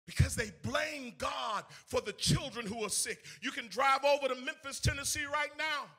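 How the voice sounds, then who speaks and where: A man preaching an emotional sermon. He swings from shouting to hushed, near-tearful speech in a sing-song preacher's cadence. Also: very high-pitched, moderate pace. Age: 30s. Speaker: evangelist preacher.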